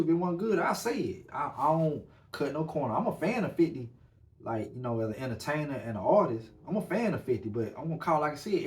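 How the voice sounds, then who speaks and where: A man's voice: a little high, a little mellow, distant mic. Laid-back man, a bit off-mic. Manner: laid-back, loose slang, filler-heavy. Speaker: podcast host. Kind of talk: casual podcast chat.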